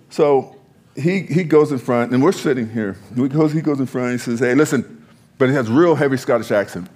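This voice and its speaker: A pastor telling a story in conversation, animated, often laughing and repeating his words. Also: medium pitch, normal speed, pauses often.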